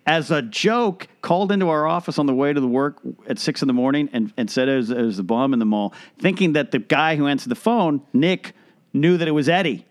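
A man's voice: on the high side, fairly quick. A man co-hosting a casual talk show, a laid-back storyteller who laughs often. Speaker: co-host. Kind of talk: casual radio-style chat.

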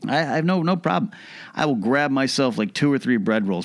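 A man's voice: medium pitch, fairly quick. Man giving mock-serious comedic advice. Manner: mock-serious, animated, rhetorical asides. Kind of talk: casual comedic monologue.

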